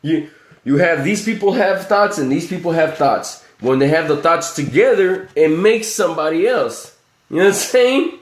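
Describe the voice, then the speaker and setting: A man rambles through a profane livestream rant, circling back to the same filler again and again. His voice sits a little high for a man, and it bounces around an echoey room. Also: expressive, normal speed. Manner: profane, repetitive, keeps saying "you know what I'm saying". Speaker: livestream host.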